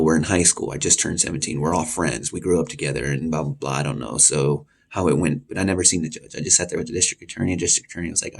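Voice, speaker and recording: Gravelly low-voiced man telling a story. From Texas. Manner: animated, acts out the voices in his story. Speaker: vlogger. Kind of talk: casual storytelling.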